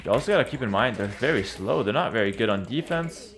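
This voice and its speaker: A man talking through his own strategy match in a laid-back, chatty way, at a mid pitch for a male voice. He trips over his words, repeats phrases and slurs a little, yet stays confident and easygoing. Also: expressive, fast talker, fairly bright tone. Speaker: streamer playing a strategy game. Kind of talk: casual live gameplay commentary.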